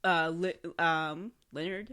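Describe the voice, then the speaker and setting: A woman co-hosting a casual podcast chat, relaxed and soft-spoken, adding lots of listening sounds. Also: fairly low pitch, takes it slowly, clear, resonant tone. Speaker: podcast co-host.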